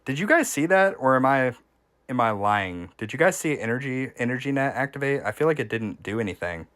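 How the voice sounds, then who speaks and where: A man streaming a game, giving casual gameplay commentary and chatting with viewers, with sudden excited reactions. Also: mid-range voice, a little fast.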